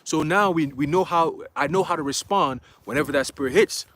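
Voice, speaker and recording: A man's voice: on the high side, brisk, slight background noise. A young man giving a casual church testimony, slangy and full of "you know" fillers, acting out the voices in his story. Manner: excitable, acts out quoted voices.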